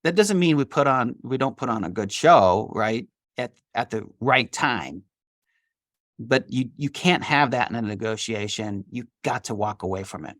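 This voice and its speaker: Animated male litigation attorney. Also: medium pitch, normal speed, dry recording, clean studio sound. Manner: animated, acts out quoted dialogue. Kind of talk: interview storytelling.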